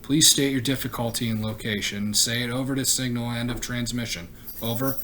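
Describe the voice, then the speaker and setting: A man's voice: mid-range voice, steady tone, brisk, pushed and bright, slight background noise, close to an everyday voice. A man voicing a terse male radio operator who speaks in clipped, formal radio phrasing. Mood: businesslike.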